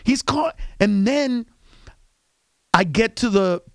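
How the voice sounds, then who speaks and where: A man with a fairly high voice tells stories with a lot of energy. He breaks into impressions and sometimes shouts the punchlines. The studio sound is dry and close. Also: slow, clean tone, no echo. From Honduras. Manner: animated storytelling, jumping into loud impressions and shouted punchlines. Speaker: comedian guest. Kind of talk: radio interview banter. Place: radio studio.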